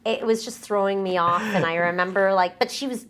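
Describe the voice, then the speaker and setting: A young woman singer being interviewed in a casual chat. She recalls stories hesitantly and laughs softly. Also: medium pitch, fairly quick, slight background noise. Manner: hesitant, many fillers and restarts, soft laughs.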